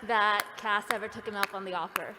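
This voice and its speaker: A woman's voice: mid-range voice, steady tone, a little fast, a loud crowd. Woman fan at audience mic, hesitant, echoing hall. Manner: hesitant, with fillers. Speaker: fan asking a question. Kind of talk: audience question at a panel. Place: large convention hall. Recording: long hall reverb, faint hiss.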